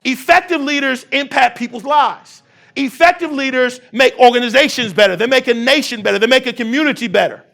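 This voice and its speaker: A man's voice: very high voice, brisk, vocal fry. A man in his thirties giving a motivational keynote on leadership, prompting the audience to repeat words and driving points home with emphatic repetition. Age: 30s. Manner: call-and-response with the audience, rising to shouts. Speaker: keynote speaker.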